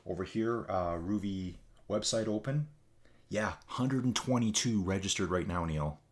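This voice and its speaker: A man's voice: deep voice, unhurried. A tired man hosting a casual live stream, chatting loosely with viewers and calling them folks. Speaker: livestream host. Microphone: desk mic with adjustable gain.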